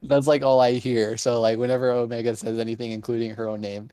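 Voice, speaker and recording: A man's voice: mid-range voice, level tone, fast, mellow, clean tone, no echo. A man co-hosting a casual podcast chat, hesitant and chuckling mid-sentence.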